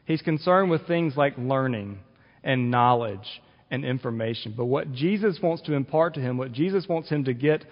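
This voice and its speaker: A male pastor giving an earnest sermon, explaining scripture with occasional restarts. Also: medium pitch. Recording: dull audio with long reverb in a hall.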